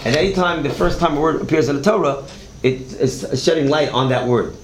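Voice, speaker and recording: A man's voice: fairly high pitch, a little fast. A man teaching a Torah class, telling stories in a conversational way and asking the class questions. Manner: conversational, repeats words, asks the class questions. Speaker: religious teacher. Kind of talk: Torah class lecture with storytelling. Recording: echoey room, faint background hiss.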